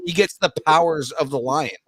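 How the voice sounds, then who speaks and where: A man's voice: a little high, moderate pace, a bit bright, no room sound. A man co-hosting a casual pop culture podcast, ranting and laughing in the middle of his sentences. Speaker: podcast co-host.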